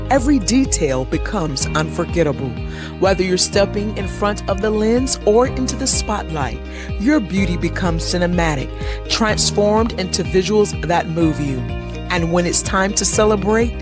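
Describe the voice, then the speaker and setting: A woman reading a scripted luxury photography ad in a smooth, polished promotional delivery. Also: medium pitch, lightly acted. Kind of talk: scripted ad read.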